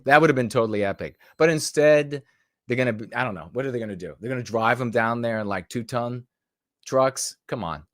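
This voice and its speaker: A man's voice: mid-range voice, brisk, no echo, clean studio sound. A man hosting a podcast in a casual, rambling and sarcastic commentary style. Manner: rambling and sarcastic, mimics people mockingly. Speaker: podcast host.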